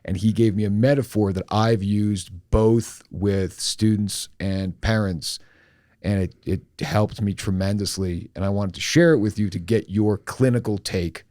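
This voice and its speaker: A middle-aged man tells a personal story on a podcast, candid and animated, with his pace lurching between slow and quick. His voice sits fairly low, and the close mic gives a dry sound with no room around it. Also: no echo. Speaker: podcast host.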